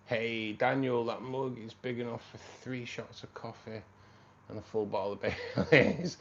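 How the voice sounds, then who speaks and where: A man's voice: mid-range voice, fairly even intonation, unhurried, muffled recording. Chatty man on a livestream. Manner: chatty, calls viewers mate, reads out chat. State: voice tiring. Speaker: livestream host. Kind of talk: casual livestream chat. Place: home room.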